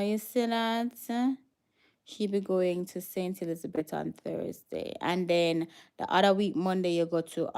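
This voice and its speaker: Jamaican lady vlogging live, talks to her viewers, drops into patois, warm raspy-ish voice. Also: on the low side. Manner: chatty, slipping into Jamaican patois. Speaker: vlogger hosting a livestream. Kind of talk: casual livestream chat, reading viewer comments.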